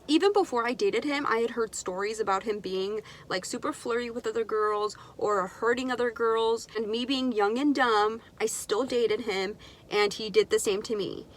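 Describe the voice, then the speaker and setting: Give me a young woman with a high voice doing a candid, swear-heavy storytime vlog. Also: a little hiss or hum. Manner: candid, animated and profane storytelling. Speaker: vlogger. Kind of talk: casual storytime.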